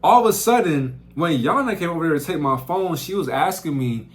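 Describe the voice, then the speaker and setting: A young man working as a camp counselor, telling stories in a casual, slangy way that swings up into loud outbursts. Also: fairly high pitch, animated, fairly quick, few pauses. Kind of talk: casual storytelling vlog.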